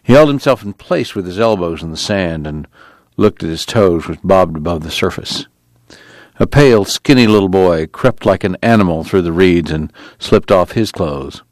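A man narrating an audiobook in a measured, steady storytelling manner. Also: low voice, no echo.

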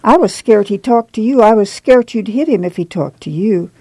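A woman's voice: medium pitch, lively intonation, normal speed, dark tone, husky, no echo, voice pushed up. A woman voicing a tough, weary migrant mother with a folksy rural drawl, read for an audiobook. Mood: worried. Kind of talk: audiobook dialogue reading.

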